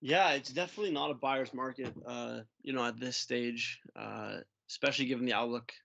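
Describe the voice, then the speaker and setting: A man co-hosting a sports podcast, speaking casually with hesitant pauses and restarts. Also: medium pitch, creaky, sharp tone. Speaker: podcast co-host.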